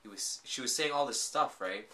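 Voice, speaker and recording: Brief: casual male reviewer, bright middle voice, animated, rambling storytelling. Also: medium pitch, normal speed, slight background noise. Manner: animated storytelling with constant filler words. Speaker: drama reviewer. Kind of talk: casual recap and review of a TV drama.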